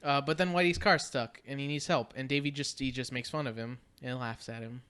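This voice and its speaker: Smooth-voiced podcaster rambling through a recap. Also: mid-range voice, fairly even intonation, a little fast, a bit bright. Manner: rambling, laughs often, frequent "uh" and "like". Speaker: podcast co-host. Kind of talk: casual chat recapping a film.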